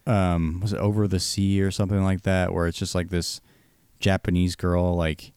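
A man co-hosting a podcast, chatting casually about albums in a relaxed, hesitant way. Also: low-pitched, moderate pace, clear, resonant tone, dry recording, studio quality. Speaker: podcast co-host. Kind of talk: casual chat about music.

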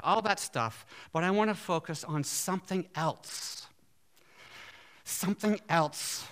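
A man preaching a sermon in an animated way, often asking his listeners questions. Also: fairly high pitch. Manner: animated, asks the audience questions.

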